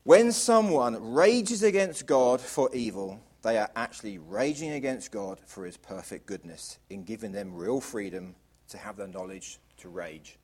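A man preaching a sermon to a congregation, asking rhetorical questions and swinging from loud emphasis down to quiet, low lines. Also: a little slow. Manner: varies volume widely, drops to quiet emphasis; asks the audience rhetorical questions.

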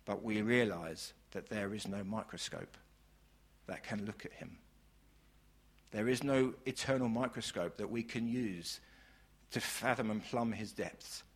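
A man preaching a sermon, piling up long lists of praise words and swinging from loud declarations to hushed, slow lines. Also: lowish voice, husky.

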